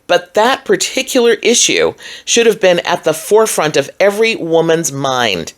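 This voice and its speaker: A woman's voice: lowish voice, sing-song, normal speed, few pauses. A woman recording a solo video commentary alone in a room, talking in a frustrated, emphatic and rambling way with many fillers. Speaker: vlogger.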